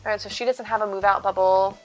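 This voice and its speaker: A woman's voice: medium pitch, steady tone, fast talker, muffled recording, faint music behind. Chatty woman streamer cooing over cats. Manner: chatty, answers viewers, coos at her cat. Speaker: live streamer. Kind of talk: casual live-stream chat while gaming.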